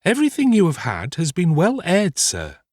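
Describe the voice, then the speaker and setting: A man voicing a brisk, proper elderly housekeeper woman who speaks slowly and firmly. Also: high voice, wildly swooping pitch, a little mellow, no room sound, clean studio sound, pitched above the performer's own voice, full character voice. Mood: reassuring.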